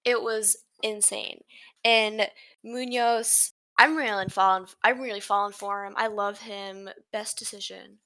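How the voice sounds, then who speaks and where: Bright, chatty young woman. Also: mid-range voice, little pitch movement, measured pace. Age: young adult. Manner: enthusiastic, chatty reactions. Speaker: co-host. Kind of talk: casual sports podcast chat.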